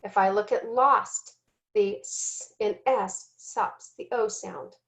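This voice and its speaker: A woman giving a recorded teaching lesson, speaking slowly and deliberately and sounding out letters and syllables, sometimes correcting herself. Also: mid-range voice. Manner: self-corrects with "excuse me". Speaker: teacher trainer.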